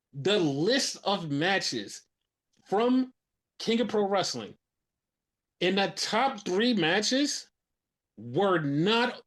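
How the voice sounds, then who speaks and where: A man hosting a casual podcast, ranting and swearing heatedly as he tells his stories with lots of energy. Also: high voice. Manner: excitable, animated storytelling. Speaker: podcast host. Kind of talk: casual wrestling podcast chat.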